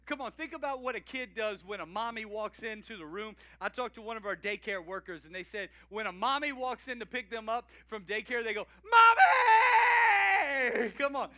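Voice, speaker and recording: Male pastor in his forties, high and very bright voice, energetic conversational sermon delivery. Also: a little fast, hardly any pauses. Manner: energetic, conversational, laughs often, shouts greetings.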